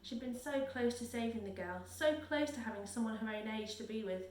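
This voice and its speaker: A woman reading a children's novel aloud in a steady, careful way, correcting small slips as she goes. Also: fairly high pitch, fairly quick, slight background noise. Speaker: reader. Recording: roomy, a little distant from the mic.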